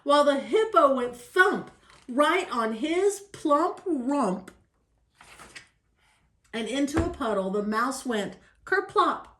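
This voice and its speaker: An older woman reads a rhyming picture book aloud with an expressive, sing-song lilt. Her voice sits high and unhurried. The recording carries a roomy echo. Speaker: grandmother storyteller.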